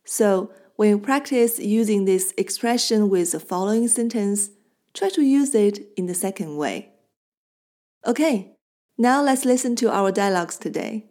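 Woman, language teacher, mellow warm tone, patient clear explaining, scripted lesson. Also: medium pitch, lively intonation. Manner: clear, patient explaining with slow model phrases.

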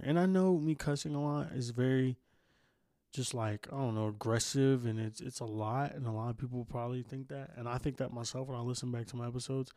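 A man's voice: medium pitch, a little mellow, no echo, studio quality. Groggy man rambling on a podcast. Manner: rambling, cusses a lot, stumbles over words. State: groggy, just woke up. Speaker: podcast host. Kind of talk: casual solo podcast monologue.

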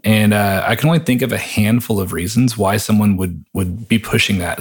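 Low, husky-voiced man discussing scripture. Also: fairly even intonation. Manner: thoughtful, halting with frequent restarts and fillers. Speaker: podcast co-host reviewing a worship song. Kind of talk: casual Bible discussion.

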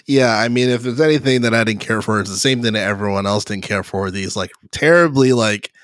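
A man co-hosting a gaming podcast in relaxed casual chat, laughing along and using lots of fillers. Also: on the low side, a little fast, dry recording, studio quality. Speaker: podcast co-host.

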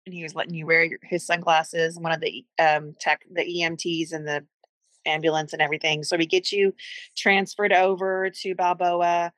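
A woman's voice: fairly low pitch, little pitch movement, moderate pace, a bit bright, no room sound, rough recording. A middle-aged woman, a mother appearing as a podcast guest, recounting a family story in earnest, heartfelt conversation.

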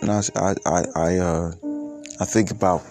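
A man of twenty-eight telling a personal story in a halting, reflective way, with many fillers and restarts. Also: low-pitched, steady tone, darkish tone, soft background music. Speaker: podcaster.

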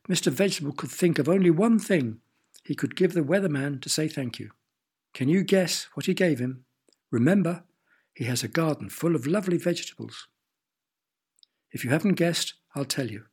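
A man reading a children's story aloud with gentle, playful storytelling. His voice is gravelly and husky, sitting a little high for a man, and he stops now and then to ask the listener questions. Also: lively intonation, normal speed. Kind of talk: storybook narration.

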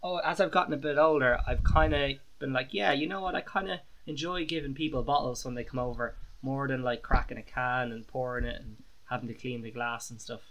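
A man's voice: medium pitch, brisk, hardly any pauses, a bit bright, a little hiss or hum, poor audio. A man hosting a podcast, chatty and swearing casually. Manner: chatty, swearing, leading questions. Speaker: podcast host. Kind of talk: casual chat.

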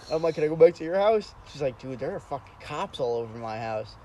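A young man telling a story in casual chat, animated and profane, often laughing. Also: a little high, fast talker, few pauses, slight background noise, poor audio.

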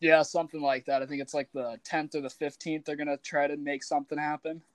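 A man's voice: a little high, level tone, fast, dry recording. A man co-hosting a casual podcast chat, blunt and opinionated. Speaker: podcast co-host.

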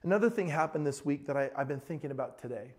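A middle-aged male pastor delivers a sermon with a slightly high voice. He tells stories with lively energy. He drops low and soft for scripture, then climbs high and loud in the anecdotes. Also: fast talker. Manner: storytelling, animated, rises to excited shouting in anecdotes.

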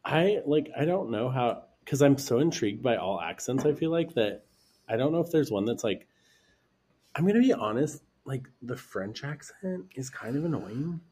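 A man's voice: mid-range voice, animated, moderate pace, dark tone, breathy edge. A man from the United States co-hosting a podcast, chatting casually and rambling with lots of fillers. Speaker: podcast co-host. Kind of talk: casual chat.

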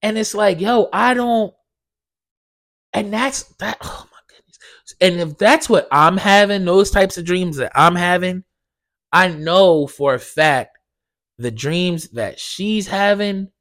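A young man hosting a podcast, telling a dream story in a casual, animated way, swearing a lot and acting out the dialogue. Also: high-pitched, slow pace. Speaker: podcast host.

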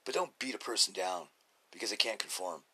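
A man's voice: deep voice, brisk, bright, forceful tone, slightly rough. A middle-aged man hosting a podcast, talking in a blunt, rambling casual monologue full of fillers and restarts. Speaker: podcast host.

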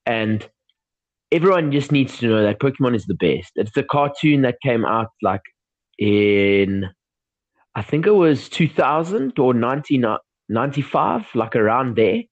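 A man's voice: mid-range voice, expressive, a little slow. A man co-hosting a podcast in casual chat, eager and gushing as he talks. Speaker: podcast co-host. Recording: dull, dry sound.

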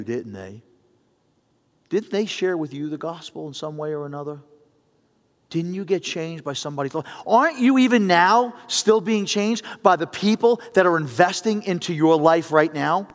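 A middle-aged man preaching a sermon, telling a story with lively voice changes and building to earnest appeals. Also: sits high. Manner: animated, acts out phone voices, builds to appeals. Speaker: pastor. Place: church sanctuary. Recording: long reverb of a church hall.

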